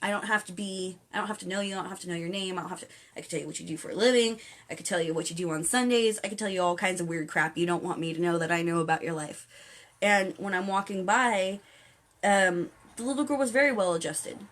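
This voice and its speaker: Blunt, chatty woman vlogging live. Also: medium pitch. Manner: blunt and opinionated, with casual swearing; chatty, with frequent fillers and restarts. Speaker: spiritual vlogger. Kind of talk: casual live-stream monologue.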